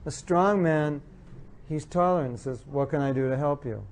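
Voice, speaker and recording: Man giving a lecture on marriage, low dark voice, earnest, keeps repeating stuff. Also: normal speed. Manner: earnest, repeats key phrases, acts out spouses' lines. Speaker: speaker giving a talk on marriage. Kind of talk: spiritual lecture with audience questions.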